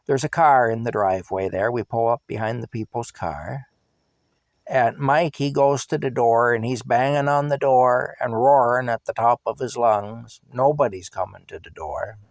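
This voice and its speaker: A man spinning a yarn from his taxi days, animated and chuckling as he goes. His voice is mid-pitched and the sound is dry and close, with no room around it. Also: moderate pace, no room sound. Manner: animated, quoting people, chuckling. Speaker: former taxi driver. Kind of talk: casual personal storytelling.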